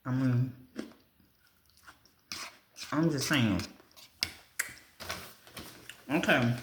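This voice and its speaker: A woman's voice: extremely low pitch, extremely slow, pauses often, a little hiss or hum. A woman vlogging over breakfast, chatting casually, reading through a food list and talking with her mouth full. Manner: chatty, reads a food list aloud and comments on it. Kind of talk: casual chat while eating. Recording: echoey room.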